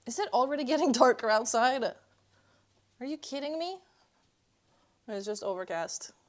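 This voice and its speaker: A woman's voice: fairly high pitch, expressive, a little slow. A young woman streaming from her kitchen at home, chatting playfully and answering her chat. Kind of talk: casual live-stream chat.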